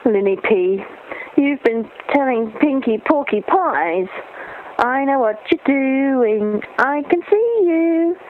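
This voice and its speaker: A woman's voice: high-pitched, animated, slow pace, narrow, tinny audio, slight background noise. A woman leaving a teasing, mock-scolding message on an answerphone. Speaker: answerphone caller.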